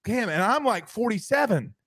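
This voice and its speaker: Guy with a pretty high voice cracking crude jokes on a sports podcast, dry sound. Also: very animated, normal speed, a bit bright, no echo. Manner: crude joking banter. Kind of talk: casual chat.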